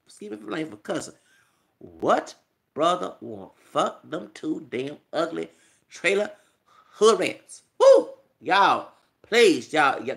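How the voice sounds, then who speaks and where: A man's voice: sits high, vocal fry, fairly bright tone. Man delivering a loose, profane vlog rant with many fillers and repetitions. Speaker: YouTube commentator. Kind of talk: ranting commentary vlog.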